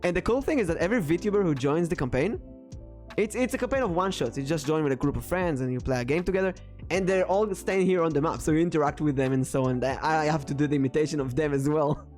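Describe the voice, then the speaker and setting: A man's voice: fairly high pitch, fast, darkish tone, soft background music. Enthusiastic man running a game. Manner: enthusiastic, playful. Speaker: streamer and game master. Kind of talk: casual chat.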